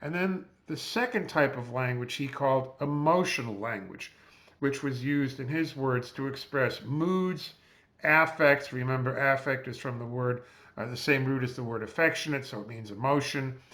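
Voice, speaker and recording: A man, a physician, giving a measured, explanatory lecture over slides while seated at a close mic. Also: mid-range voice, fairly bright tone. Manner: measured, explanatory, spells out terms.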